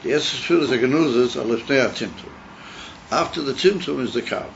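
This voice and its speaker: Man, rabbi, text-study class, explanatory, thinking aloud, middle pitch, muffled lo-fi recording. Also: fairly quick, vocal fry, a little hiss or hum. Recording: dull lo-fi recording.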